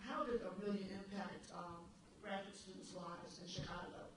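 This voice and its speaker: A woman moderating a panel, asking questions in a soft, hesitant way. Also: fairly low pitch, steady tone, moderate pace. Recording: distant echoey hall with noise.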